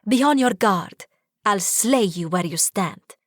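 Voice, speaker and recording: A woman doing a bold young princess, giggly and teasing, with her voice lifted high in play. The storybook reading is dry and close. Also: lively intonation, takes it slowly, dry recording. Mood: playful.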